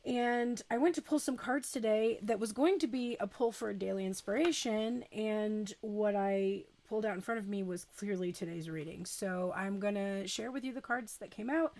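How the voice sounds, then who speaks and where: A woman giving a relaxed, chatty tarot reading, unhurried and full of small asides. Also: medium pitch. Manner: chatty and unhurried, with fillers and self-talk. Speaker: tarot reader. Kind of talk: casual spoken tarot reading.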